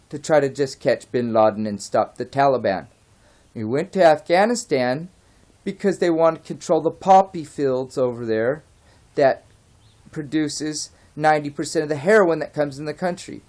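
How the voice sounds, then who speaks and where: A man vlogging an unscripted rant, his voice sitting a little higher than most men's. He talks heatedly, rambles, drifts off topic and throws in the odd curse before apologizing. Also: animated, moderate pace, darkish tone. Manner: rambling, heated, goes off track; swears and apologizes.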